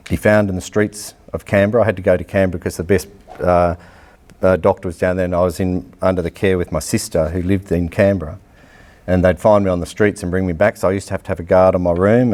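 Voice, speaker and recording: A middle-aged Australian man, an athletics coach, telling a personal story in a public lecture, blunt and animated, acting out bits of dialogue. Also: sits low.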